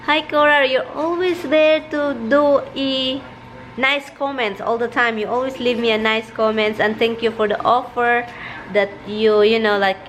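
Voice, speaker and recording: A woman's voice: a little high, fairly even intonation, a little slow, a bit bright, a little hiss or hum. A Filipina woman with a Filipino accent, vlogging casually at home and cooing to her dogs. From Philippines. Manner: chatty, coos and baby-talks to her dogs. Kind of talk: casual vlog chat.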